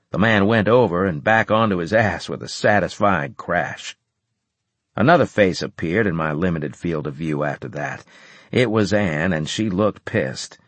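A man narrating a first-person story in an expressive, storytelling way. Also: sits low, no room sound. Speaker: audiobook narrator.

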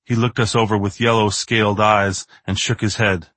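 A man narrating a novel in the first person in a measured, steady, understated way. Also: lowish voice, no room sound. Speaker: audiobook narrator.

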